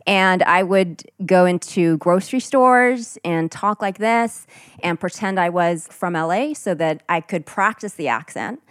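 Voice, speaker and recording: Australian woman podcast host, low voice. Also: unhurried, smooth, no echo, studio quality. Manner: chatty, playful, slips in and out of a put-on American accent. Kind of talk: casual chat.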